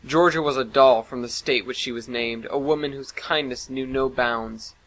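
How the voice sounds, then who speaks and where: Male narrator, bright voice, earnest dramatic audiobook reading. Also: medium pitch, steady tone, normal speed, few pauses, poor audio. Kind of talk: first-person audiobook narration.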